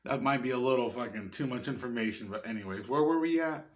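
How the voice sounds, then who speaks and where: A man reviewing a horror movie in a casual, rambling way, swearing often and getting excited. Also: medium pitch, quick pace. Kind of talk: casual chat.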